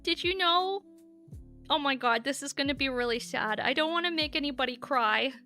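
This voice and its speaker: A young woman talks casually to her live-stream chat in a high, bright voice. She is candid and chatty, dropping swear words freely. Faint music plays underneath. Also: normal speed.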